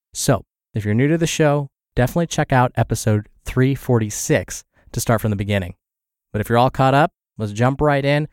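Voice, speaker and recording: A man with a congested, slightly scratchy voice narrates a health blog post at a steady, informative pace. His pitch sits in the middle of the range. The recording is dry and close. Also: clear, resonant tone, no echo. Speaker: podcast host and narrator. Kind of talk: reading blog posts aloud.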